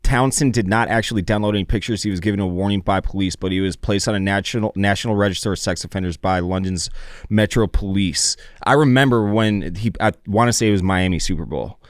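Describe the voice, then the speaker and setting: A man's voice: fairly low pitch, quick pace, dry recording, studio quality. A man co-hosting a podcast, chatting casually and reading facts aloud in a matter-of-fact way. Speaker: podcast co-host. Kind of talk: casual chat.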